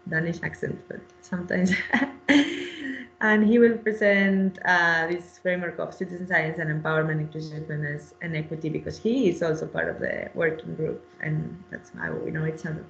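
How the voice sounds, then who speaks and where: A woman's voice: low-pitched, flat delivery, a little fast, gravelly, hardly any pauses, muffled recording, a little hiss or hum. Woman, researcher, webinar talk, hesitant, fillers, roomy sound. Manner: hesitant, many fillers and restarts. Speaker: postdoctoral researcher presenting. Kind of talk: webinar presentation.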